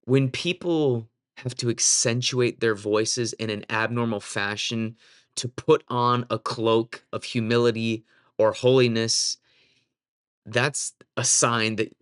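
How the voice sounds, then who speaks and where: A man's voice: mid-range voice, steady tone, slow, fairly bright tone, clean tone. Earnest man telling a ministry story.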